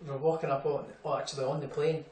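A man's voice: fairly high pitch, flat delivery, quick pace, a little mellow, recorded from a distance. A young Scottish man, a boxer, telling rambling anecdotes in a casual interview, full of fillers and laughs. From Scotland. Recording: echoey room, off-mic, faint hum.

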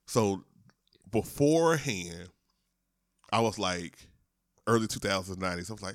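Podcast co-host, man in his thirties, lively swooping delivery, slightly high voice, dry close sound. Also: fairly quick, no echo. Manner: animated, profane, acts out quoted voices. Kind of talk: casual chat.

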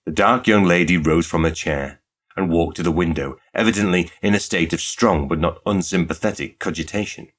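A man narrating a classic detective story in a measured, even reading. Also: low-pitched. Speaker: audiobook narrator. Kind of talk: scripted narration.

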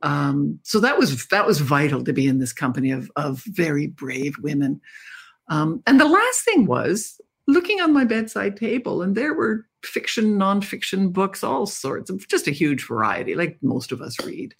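A woman's voice: low-pitched, very animated, normal speed, gravelly, husky. An older woman, a guest author speaking candidly and reflectively in an interview. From Canada. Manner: reflective, candid storytelling with laughs. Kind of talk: interview conversation.

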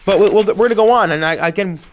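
Animated high-voiced male rabbi teaching. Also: very fast, slight background noise. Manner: animated storyteller, switches between loud and hushed delivery. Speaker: rabbi teaching a Talmud class. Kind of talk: lively classroom lecture.

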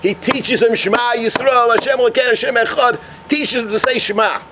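Bright high-voiced rabbi telling stories. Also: male voice, a little fast, a little hiss or hum. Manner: lively storyteller mixing Yiddish and Hebrew terms. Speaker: rabbi teaching Torah. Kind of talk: animated Torah class storytelling.

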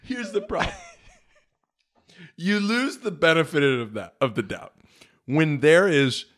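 A man co-hosting a podcast, chatting casually in an animated, rambling and emphatic way. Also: fairly high pitch, unhurried. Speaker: podcast co-host. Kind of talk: casual chat.

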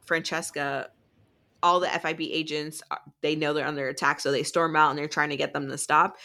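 A woman with a notably low voice retells a story in loose, chatty podcast fashion. Her recap wanders, full of "like" and "um" as she pieces events together. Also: flat delivery, a little fast, bright, forceful tone. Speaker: podcast co-host. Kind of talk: casual book-recap chat.

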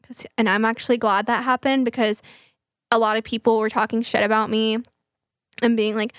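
A woman's voice: a little high, flat delivery, brisk, dry recording, studio quality. A woman hosting a podcast, telling stories in casual chat and swearing freely. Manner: chatty storytelling, swears freely. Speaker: podcast host.

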